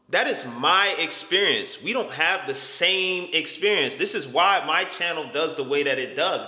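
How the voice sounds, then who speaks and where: An exasperated young man talks back to a video about himself, incredulous and full of swearing. His voice is bright and jumps around a lot. The room is echoey, with a long reverb tail. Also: a little high. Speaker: YouTuber reacting to a critic's video. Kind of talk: casual reaction commentary.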